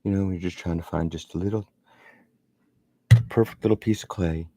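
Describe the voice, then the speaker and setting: A man putting on the calm, soothing voice of a gentle male TV painter. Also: deep voice, normal speed, dry recording.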